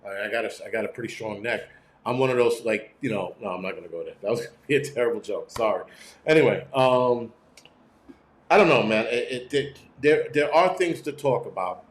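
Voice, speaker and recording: A middle-aged man who hosts a prepping channel speaks a little fast at medium pitch, delivering a blunt, profane, rambling livestream rant from a room at home. The room is echoey, with a little hiss or hum in the audio.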